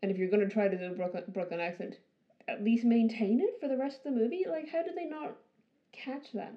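A woman's voice: fairly high pitch, brisk, dull audio. A woman co-hosting a podcast, talking casually with many fillers and frequent laughter. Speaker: podcast co-host. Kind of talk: casual chat.

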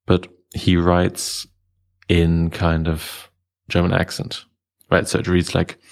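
Man, deep gravelly voice, flat delivery, hesitant casual book talk. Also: takes it slowly. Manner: hesitant, many restarts and fillers. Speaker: book club participant.

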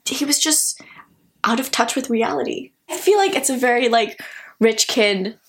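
A woman's voice: on the high side, normal speed. A young woman co-hosting a podcast in casual, emphatic chat, with many fillers. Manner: chatty and emphatic, heavy use of "like". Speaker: podcast co-host.

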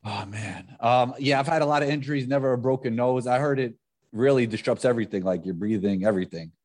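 A man's voice: mid-range voice, quick pace, a little mellow. A man hosting his own podcast, reading an upbeat promotional intro and then chatting easily with a guest. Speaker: podcast host.

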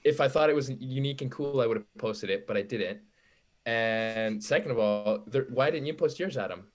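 A young man co-hosting a podcast, playful and quick to laugh in casual chat. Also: mid-range voice. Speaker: podcast co-host.

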